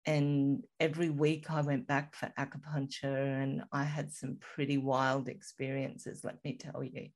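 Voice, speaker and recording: Low-voiced woman guest, slow and reflective, soft-spoken storyteller. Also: level tone. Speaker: guest telling her story. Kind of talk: personal storytelling in an interview.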